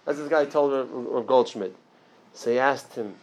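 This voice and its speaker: Emphatic man teaching a religious class. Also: normal speed. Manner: emphatic, jumps up in pitch and loudness to stress points; conversational with frequent restarts and asides. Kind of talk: informal Torah class.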